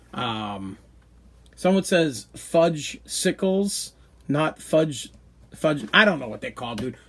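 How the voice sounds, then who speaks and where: A man talks in a fairly high voice for a man. He rants casually and opinionatedly, joking and blunt, like a host chatting on his own podcast stream. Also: fairly bright tone. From Boston, New England. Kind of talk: casual live-stream rant.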